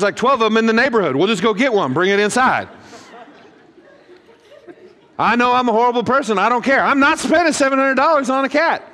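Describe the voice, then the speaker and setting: A middle-aged pastor telling comic stories from the pulpit, with a dry, self-mocking timing that acts out both sides of every conversation. His voice sits a touch high for a man. It rings with the long reverb of a big hall. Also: a bit bright. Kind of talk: humorous sermon storytelling.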